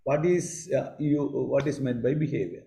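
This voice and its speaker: A man teaching psychology on a video call, pausing often, repeating phrases and asking the class questions. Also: mid-range voice, creaky, mellow, poor audio. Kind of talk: online class lecture.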